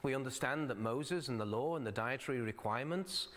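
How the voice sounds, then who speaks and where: A male pastor preaching a sermon in a church sanctuary, explaining his points in a conversational way. His voice sits at an ordinary middle pitch, and the hall adds a long reverb to every word. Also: brisk, fairly bright tone. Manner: reads scripture in old-fashioned wording.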